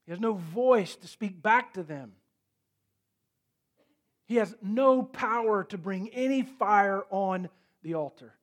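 A man preaching a sermon, telling the story with animated swings between loud and quiet. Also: sits high, slow, pauses often. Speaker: pastor.

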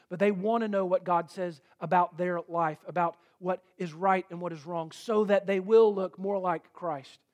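A middle-aged male pastor preaching a sermon in an earnest, emphatic way, rising to forceful peaks. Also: sits high.

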